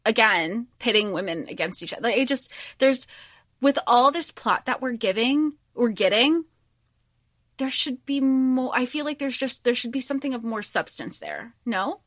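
A woman co-hosting a book podcast in casual chat, talking in halting bursts with frequent restarts and easy laughter. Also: on the high side, expressive, a bit bright, dry recording, clean studio sound. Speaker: podcast co-host.

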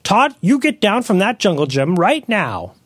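A man voicing an exasperated parent who yells at a child and pleads with them in a shrill, strained way. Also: big pitch swings, moderate pace, no room sound. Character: exasperated parent yelling at a child, losing control.

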